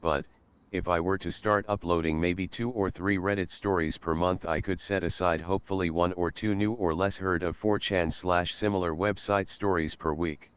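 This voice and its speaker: A man's voice: low voice, steady tone, moderate pace, smooth, highs cut off. A young man reading a scripted, earnest announcement about his channel as its host.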